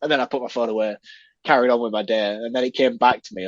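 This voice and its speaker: A man's voice: medium pitch, fairly even intonation, fast, no echo. Laughing man on a dull, dry mic. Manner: laughs often, swears casually. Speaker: podcast co-host. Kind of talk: casual chat.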